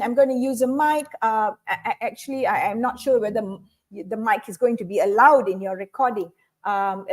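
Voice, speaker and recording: A woman teaching public speaking in a webinar. She coaches students on their delivery and often checks in with "okay?". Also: a little high. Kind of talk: webinar lesson.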